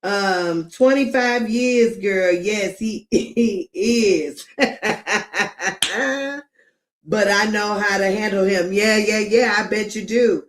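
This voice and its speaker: A middle-aged woman hosting a live commentary stream, talking emphatically and drawing out words, with frequent laughs. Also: medium pitch. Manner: emphatic, drawn-out, laughs often.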